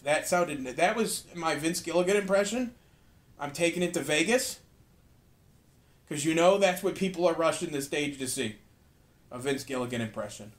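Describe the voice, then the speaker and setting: A man hosting a solo podcast, talking in a rambling, profane, excitable way, tired out. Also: a little high, moderate pace. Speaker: podcast host. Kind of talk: casual solo podcast rant.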